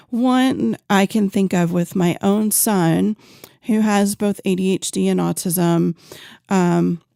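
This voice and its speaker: A woman host talks slowly and earnestly on her own podcast, her voice low-pitched with a gravelly edge. The sound is dry and close, with a mellow, dark tone. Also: no room sound. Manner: earnest, unhurried, with fillers and restarts. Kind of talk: solo podcast talk.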